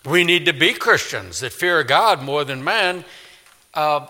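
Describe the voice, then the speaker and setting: A male preacher tells a sermon in a forceful, bright voice, swinging between loud passages and hushed ones. The slightly raised pitch carries through a church sanctuary, where a long reverb lingers after each line. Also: lively intonation, unhurried. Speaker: pastor. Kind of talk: storytelling sermon.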